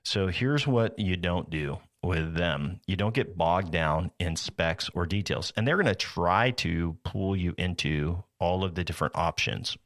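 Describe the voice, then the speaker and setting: A man's voice: low-pitched, measured pace, few pauses, a bit bright, no echo, studio quality. A man hosting a podcast, explaining sales in a casual, rambling way with many restarts and asides. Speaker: podcast host. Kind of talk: casual teaching talk.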